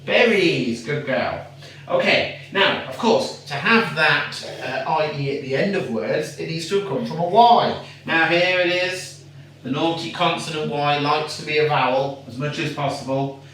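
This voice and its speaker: A teacher giving a patient phonics lesson to a young child, sounding out words slowly and praising often. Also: mid-range voice, expressive, fairly bright tone, distant mic. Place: home room. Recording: echoey room, away from the mic, faint noise.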